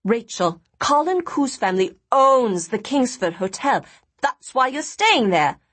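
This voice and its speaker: A woman voicing an excitable young woman who chides her father and gushes about gossip. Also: a little high, moderate pace, slightly rough, voice pushed up, exaggerated voice. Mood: excited. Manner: excited, chiding.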